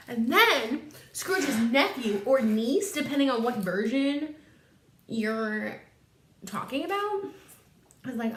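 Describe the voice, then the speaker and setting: A woman's voice: fairly high pitch, expressive, a little slow, pauses often, fairly bright tone. A woman vlogger retelling a story in casual comic style, rambling with slang and filler words. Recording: echoey room.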